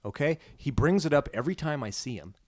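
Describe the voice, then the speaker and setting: Guy cohosting a movie podcast, goofy and mock tough, bit high voiced, dead dry sound. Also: lively intonation, fast talker, a little mellow, no echo. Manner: joking, mock wrestling-promo bluster. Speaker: podcast co-host. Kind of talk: casual film podcast banter.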